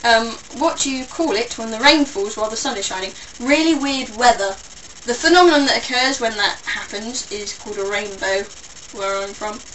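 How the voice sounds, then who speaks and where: A woman's voice: on the high side, moderate pace, a bit bright, recorded from a distance, slight background noise, rough recording. A young English woman with a mixed London and Somerset accent, rambling through a casual vlog with playful, self-mocking asides. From England. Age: young adult. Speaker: vlogger.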